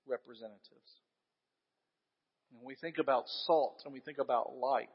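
High-voiced male preacher in a reverberant hall. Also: highs cut off. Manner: earnest, building emphasis with repeated phrases, asks the congregation questions. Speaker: pastor. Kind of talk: sermon.

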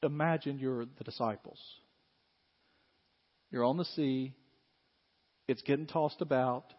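A man, preaching a sermon in an animated way and acting out scenes. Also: medium pitch, slow. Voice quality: animated, acts out scenes with shouts. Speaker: pastor. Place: church hall. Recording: muffled sound in a long-reverb hall.

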